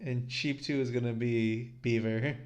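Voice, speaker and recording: A man's voice: mid-range voice, steady tone, measured pace. A man hosting a casual comic-review podcast, reading panels aloud and laughing often. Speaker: podcast host.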